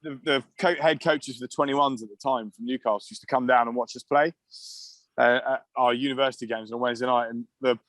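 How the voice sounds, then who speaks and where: A man's voice: mid-range voice, fast talker, no room sound. Guy from england telling wild stories on a podcast, swears a lot, laughs along, dead dry sound. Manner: lively, swears freely, laughs through his stories. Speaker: podcast guest, former rugby player. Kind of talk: casual anecdotal storytelling.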